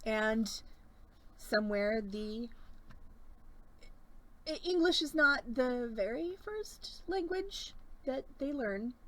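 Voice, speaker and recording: A woman's voice: a little high, lively intonation, slow pace, pauses often, fairly bright tone, poor audio. A woman in her forties hosting a live-stream bead sale, chatting casually, rambling into stories and laughing often.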